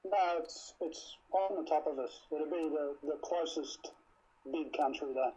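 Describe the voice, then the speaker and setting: A man from Australia with an Australian accent, a guest in a casual chat, talking in a relaxed, offhand way. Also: fairly high pitch, unhurried. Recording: dull lo-fi sound with faint hiss.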